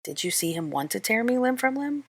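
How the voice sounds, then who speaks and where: A woman reading the part of a clever young witch, speaking briskly with exasperation in an audiobook-style fan reading. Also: a little high, big pitch swings, slightly rough, no room sound, voice pushed up, full character voice. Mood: exasperated.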